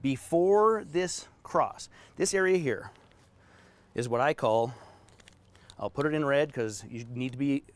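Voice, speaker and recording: A man's voice: medium pitch, takes it slowly, pauses often. A man teaching business owners on a live stream, talking them through a whiteboard drawing with emphatic, story-driven delivery. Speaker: business coach.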